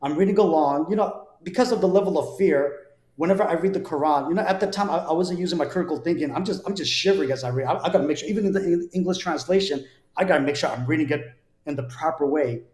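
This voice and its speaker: A man's voice: fairly high pitch, fast talker, a little mellow. A man from New Jersey, a guest telling his conversion story in an earnest, conversational way, often repeating words as he restarts. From New Jersey, USA. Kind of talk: conversational personal testimony. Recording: roomy echo.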